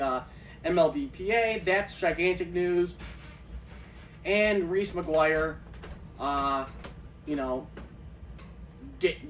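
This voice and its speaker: A man's voice: a little high, fairly bright tone, recorded from a distance, slight background noise. A man ranting in casual commentary for his own baseball channel, incredulous and repeating himself as he talks. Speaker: baseball vlogger.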